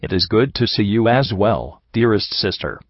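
A man voicing a gentle, dignified female pony princess who speaks softly but firmly. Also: fairly low pitch, moderate pace, no room sound, lo-fi sound, natural voice. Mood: earnest. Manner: soft and calm but firm.

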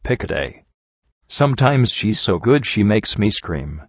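A man's voice: on the low side, big pitch swings, a little slow, no room sound, highs cut off, full character voice. Man doing a cocky trolling mare fighter, dry close sound. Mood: mocking. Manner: mocking, flippant. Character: brash crazy mare fighter Rampage.

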